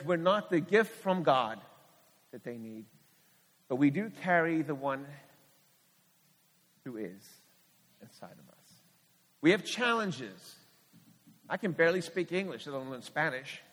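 Earnest higher-voiced middle-aged preacher in a reverberant hall. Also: male voice, a bit bright. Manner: earnest, candid storytelling with frequent restarts. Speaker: missionary pastor. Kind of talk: sermon testimony.

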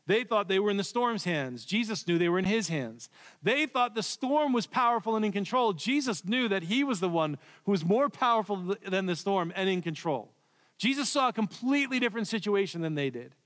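Guy preaching w a high voice, big echoey hall, goes loud then real quiet. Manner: storytelling, swings from loud to hushed. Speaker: pastor. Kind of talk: sermon. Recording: long reverb of a large hall.

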